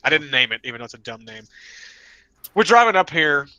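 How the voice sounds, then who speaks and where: A young man rambles through wild anecdotes on a podcast, his pitch swinging all over the place. His voice is bright and edgy and sits a little high. It sounds dry and close, with no room around it. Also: brisk, clear, resonant tone, no echo. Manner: rambling, animated, slips into loud put-on voices for friends. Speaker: podcast co-host. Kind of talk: casual storytelling chat.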